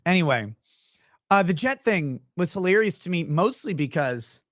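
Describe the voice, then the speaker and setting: A man's voice: sits high, lively intonation, takes it slowly, pauses often, dry recording, clean studio sound. A man hosting a livestream with casual, sarcastic, rambling commentary, talking to his chat viewers by name. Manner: sarcastic, rambling, mocking impressions. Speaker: livestream host.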